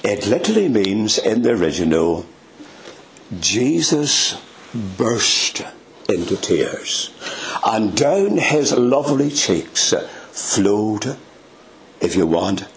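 Slow, low-voiced male preacher. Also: very animated, creaky, a little hiss or hum. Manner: dramatic, slow and emphatic with sudden rises in pitch. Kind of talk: sermon.

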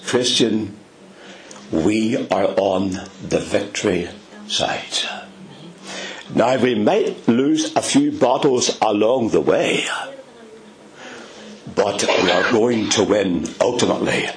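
Older preacher with a swooping voice. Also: male voice, lowish voice, expressive, slow pace, low-quality recording. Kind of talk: sermon.

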